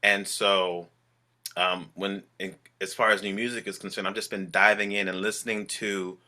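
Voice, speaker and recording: Male guest, singer-actor, low but very bright voice, earnest and upbeat, laughs easily. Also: little pitch movement, moderate pace. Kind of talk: casual interview chat.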